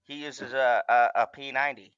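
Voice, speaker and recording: Excitable, foul-mouthed man hosting a watch-along. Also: medium pitch, fairly quick, highs cut off. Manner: excitable, gushing and heavily profane. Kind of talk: casual chat.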